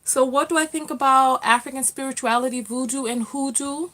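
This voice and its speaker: A middle-aged woman chats through a casual livestream, greeting viewers and answering their comments. Her voice sits a little high, and she talks in loose, friendly bursts with plenty of fillers and restarts. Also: fairly quick. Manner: chatty and warm, frequent fillers and restarts. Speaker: livestream host, self-love coach.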